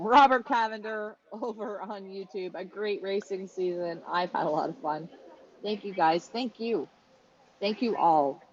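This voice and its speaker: A woman's voice: medium pitch, unhurried. A woman hosting a live stream, candid and chatty, laughing often. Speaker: stream host. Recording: muffled audio with faint noise.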